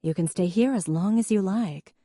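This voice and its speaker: A woman voicing a warm younger sister with a dry, wry way of talking. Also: mid-range voice, moderate pace, no room sound, pitched above the performer's own voice, natural voice.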